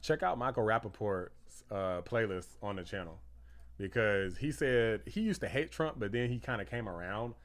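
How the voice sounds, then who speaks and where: A man hosting a political live stream, reacting excitedly to posts and news, laughing and rambling between thoughts. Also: fairly low pitch, moderate pace. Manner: rambling with restarts and fillers. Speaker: political livestream host.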